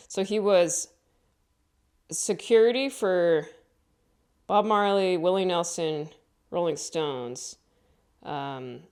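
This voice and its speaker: A woman comedian telling rambling stories in a casual, mumbly way and acting out quotes in higher voices. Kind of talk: casual comedic storytelling monologue.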